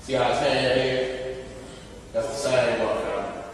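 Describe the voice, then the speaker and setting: A man giving a casual, emphatic slide talk to an audience. He keeps repeating short questions, and his voice swings between loud bursts and low asides. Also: steady tone, slow pace, a little hiss or hum. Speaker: presenter showing images to an audience. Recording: echoey hall from a distant mic.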